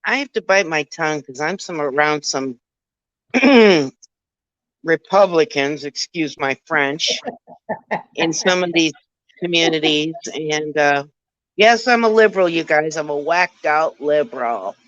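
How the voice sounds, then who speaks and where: A woman's voice: low voice, lively intonation, measured pace, fairly bright tone, dry recording. A woman co-hosting a casual live chat, outspoken and teasing, speaking emphatically. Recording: dry muffled lo-fi audio.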